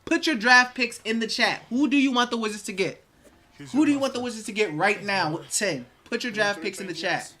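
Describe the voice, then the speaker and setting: A man's voice: sits high, a little fast, pushed and bright. A man hosting a live draft watch party, restless and nervous, chatting with viewers and reading their comments aloud. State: nervous and excited. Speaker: live stream host.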